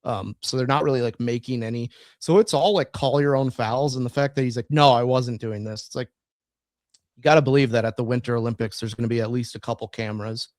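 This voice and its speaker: A podcast co-host chats casually in a mid-range, slightly mellow voice, talking fast and rambling with plenty of fillers and restarts. The recording is dry, with clean studio sound.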